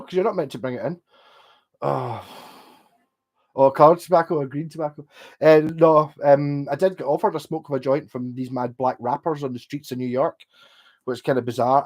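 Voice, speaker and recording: A Scottish livestreamer with a medium-pitched voice chats with his viewers in a casual, rambling way. He's relaxed and unpolished, swearing often and drifting loosely from one thought to the next.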